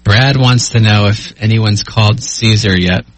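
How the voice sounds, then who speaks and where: A man's voice: on the low side, measured pace. A man co-hosting morning radio, reading out listener tweets with dry, wry remarks. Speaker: radio co-host.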